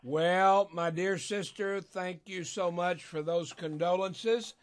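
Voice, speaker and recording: An older Southern-accented man hosts a call-in radio show as a preacher, his voice sitting a touch high for a man. He is folksy and emotional, laughing often and drawing words out for emphasis. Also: steady tone, takes it slowly. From Arkansas, USA. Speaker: radio show host and pastor.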